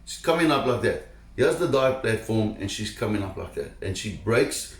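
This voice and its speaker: A man telling a personal diving story to camera in an animated, emphatic way, repeating words when excited. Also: fairly low pitch, normal speed, few pauses, roomy sound. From South Africa. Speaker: shark diver telling a story.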